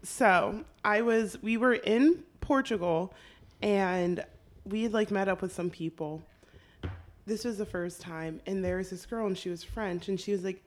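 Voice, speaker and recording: A woman co-hosting a podcast and chatting casually with friends. She is blunt and swears freely, and she often laughs as she speaks. Her voice sits at an ordinary middle pitch. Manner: blunt, profane, quick to laugh. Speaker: podcast co-host. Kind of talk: casual chat.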